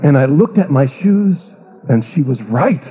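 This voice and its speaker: A man's voice: on the high side, lively intonation, normal speed, slight background noise. Man telling a story over tinny radio. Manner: humorous, self-mocking storyteller. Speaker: pastor. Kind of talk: storytelling testimony talk. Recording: tinny phone-like radio broadcast.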